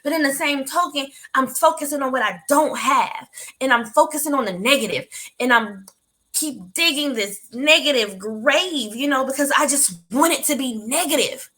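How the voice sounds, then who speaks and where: A woman with a slightly high, bright and forceful voice tells a candid story on her talk show. She speaks to her listeners directly, animated and heartfelt, with a motivational drive. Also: normal speed. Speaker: host of a talk show for women.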